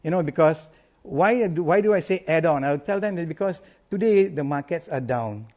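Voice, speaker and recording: A middle-aged man coaches insurance agents in an emphatic, motivational live talk at a moderate pace. His voice is on the high side, and he is energetic, repeating key lines.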